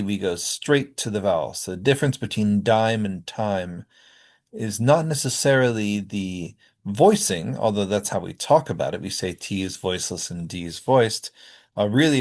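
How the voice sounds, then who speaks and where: Man, lecturer, lower pitch, explanatory, filler-heavy. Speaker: linguistics lecturer. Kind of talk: recorded classroom lecture.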